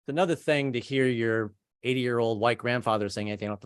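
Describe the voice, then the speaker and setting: A man's voice: mid-range voice, fast talker, clean tone, dry recording, studio quality. A man doing a stand-up comedy set, rambling, repeating words and acting out voices. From American, family from Kentucky.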